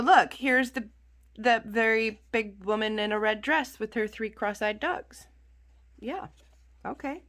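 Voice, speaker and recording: A woman's voice: on the high side, pushed and bright. A woman rambling in a chatty, self-deprecating way as she talks through her journal crafting at home. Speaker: craft channel host. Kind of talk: casual chat while journaling.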